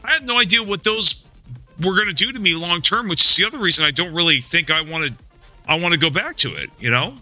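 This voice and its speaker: A man's voice: sits high, fast, pushed and bright, soft background music. A man streaming a video game live, talking casually in a rambling, profane, frustrated way, restarting his sentences and tagging them with "man" and "dude". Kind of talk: casual live-stream chat while playing.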